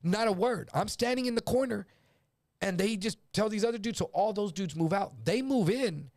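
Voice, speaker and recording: Guy from el paso spinning a story, gravelly kinda high voice, dry close sound. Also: moderate pace, no room sound. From El Paso, Texas. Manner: animated telling, acts out quoted voices, swears freely. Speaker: guest storyteller. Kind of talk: casual storytelling on a livestream.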